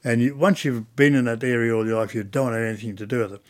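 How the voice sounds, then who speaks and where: A man's voice: medium pitch, steady tone, fast talker. Chatty older Australian man. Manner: chatty storyteller, acts out dialogue. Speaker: interviewee. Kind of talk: oral history interview.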